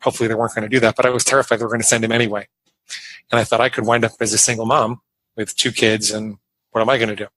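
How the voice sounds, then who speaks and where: A man's voice: on the low side, level tone, very fast, a bit bright, rough recording. Man quoting a remorseful mother. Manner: confessional, remorseful. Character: anxious grieving mother recalling the past.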